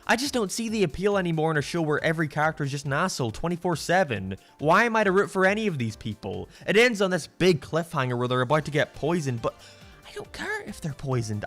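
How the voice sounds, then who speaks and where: A man rants through a cartoon review with biting sarcasm and frequent swearing. His voice sits somewhat high and leaps around with animated exasperation. Soft music plays faintly underneath. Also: fast talker. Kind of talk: ranting review commentary.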